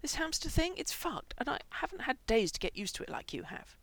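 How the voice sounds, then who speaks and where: A woman's voice: high voice, very animated, brisk, creaky, a bit bright, no echo, pitched above the performer's own voice, heavily acted. A woman voicing an indignant young man turned into a hamster, prone to swearing outbursts. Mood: anxious.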